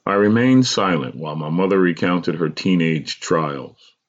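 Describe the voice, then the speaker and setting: A man, a podcast host, reading his personal memoir aloud in a measured, deliberate way. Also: low voice, expressive, lo-fi sound.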